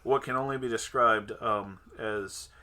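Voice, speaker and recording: A man hosting a casual podcast chat, telling an animated story, acting out the other people's lines and often breaking into laughter. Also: on the low side, measured pace, heavy background noise. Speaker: podcast host.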